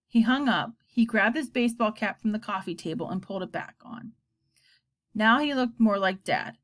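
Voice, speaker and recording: Using a medium-pitched voice at a normal speed, a woman gives an expressive read-aloud of a children's book.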